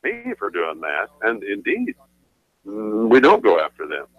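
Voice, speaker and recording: Man, attorney on talk radio, lively swooping delivery, emphatic lecturing, dry phone-line sound. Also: fairly low pitch, a little slow, dry recording. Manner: emphatic, lecturing, repeats phrases for stress. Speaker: attorney guest. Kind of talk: radio talk show interview.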